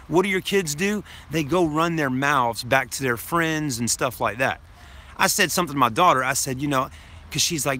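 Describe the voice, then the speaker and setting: A man's voice: on the high side, pushed and bright, slight background noise. A man telling a story to his live stream viewers in a casual, rambling way, repeating himself, swearing now and then, and addressing them as folks.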